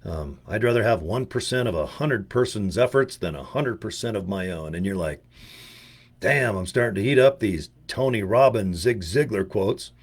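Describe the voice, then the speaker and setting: An older American man rambles through a casual monologue, cracking jokes and dropping slang as he goes. His voice sits low. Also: lively intonation, moderate pace, husky. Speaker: video presenter. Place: home in Utah.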